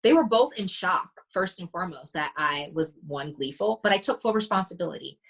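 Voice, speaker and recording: A woman's voice: on the low side, expressive, a little fast, fairly bright tone, breathy edge, rough recording. A woman mindset coach, a podcast guest, telling stories animatedly and acting out the dialogue she quotes. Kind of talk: casual podcast conversation.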